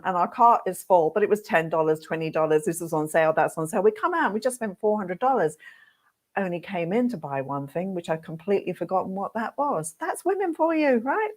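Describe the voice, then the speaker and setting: In a mid-range voice, a middle-aged woman leads a hairdressing webinar full of stories. She tells them with energy, playing out her own reactions as she goes.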